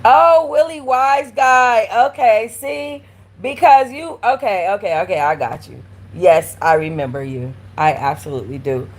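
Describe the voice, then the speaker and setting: Woman streaming from her apartment, husky voice, slangy storytelling, cusses a lot. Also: medium pitch, measured pace, rough recording. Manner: animated, slangy storytelling with blunt cursing. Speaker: live-stream host. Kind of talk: casual live-stream chat. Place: at home in an apartment.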